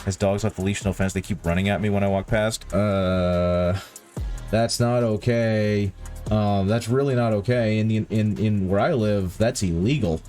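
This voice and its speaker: On a livestream, a host who grew up in the countryside paints miniatures and chats casually with viewers, rambling, correcting himself and sounding tired. His voice is on the low side and darkish, with fairly even intonation and a moderate pace, while faint music plays behind him.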